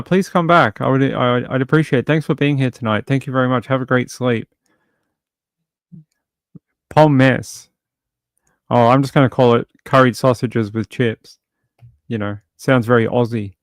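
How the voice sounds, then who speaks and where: A man's voice: mid-range voice, dry recording. Chatty male livestream host, dry sound. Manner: chatty and rambling, many fillers and restarts; jokey, playful asides. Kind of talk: casual chat reading viewer comments.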